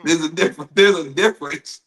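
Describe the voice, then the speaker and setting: A man's voice: fairly high pitch, brisk, a crowd in the background. A man co-hosting a casual comedic chat, telling stories animatedly and acting out what other people say. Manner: animated storytelling, acts out other people's voices. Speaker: podcast co-host.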